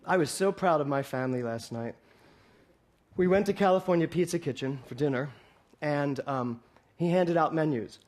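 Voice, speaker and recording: A man with a fairly high voice delivers a sermon from a stage. He tells stories with humor and slips into the voices of the people in them. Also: normal speed, darkish tone. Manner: playful storytelling, acting out dialogue. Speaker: minister. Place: hall, before a congregation.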